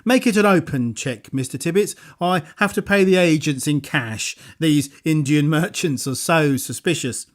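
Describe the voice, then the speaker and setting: A scheming middle-aged swindler, as a male audiobook reader plays him, smooth and ingratiating. He murmurs his words in an unctuous, fawning way and stays close to the reader's own voice. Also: a little high, normal speed, hardly any pauses, lightly acted. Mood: oily. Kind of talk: audiobook character voice.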